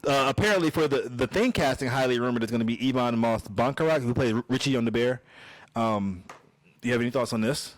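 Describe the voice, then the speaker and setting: A man co-hosting a casual pop-culture podcast, talking in a crude, animated way, often stumbling over his words. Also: medium pitch, fairly quick, no room sound. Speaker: podcast co-host.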